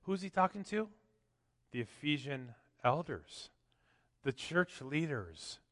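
A man preaching a sermon as pastor, swinging from loud emphatic lines to quiet asides. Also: fairly high pitch, sing-song, takes it slowly. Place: church. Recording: long church hall reverb.

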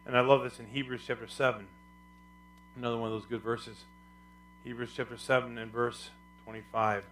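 A middle-aged man preaching a sermon as pastor, dropping soft and low then rising loud, and calling on the congregation to answer back. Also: little pitch movement, fairly quick, faint music behind.

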